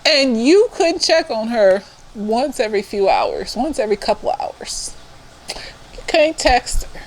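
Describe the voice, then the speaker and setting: A slightly tipsy woman therapist giving a blunt, profane and sassy casual review of a TV series, animated, with mocking asides. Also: a little high.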